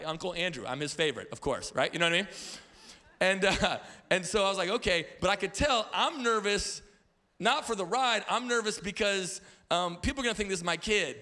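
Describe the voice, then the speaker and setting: A man in his thirties preaching as a pastor in a church, telling stories with playful asides and stammered repeats. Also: sits high. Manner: animated storytelling with playful asides. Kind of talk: sermon. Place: church auditorium.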